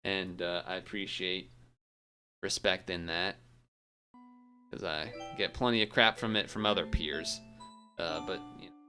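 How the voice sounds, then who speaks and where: A man's voice: deep voice, steady tone, unhurried, pauses often, pushed and bright, faint music behind. A young man with a Massachusetts accent chatting loosely with his stream audience, full of fillers and the odd swear. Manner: loose, laid-back, swears, lots of fillers. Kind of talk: casual stream chat.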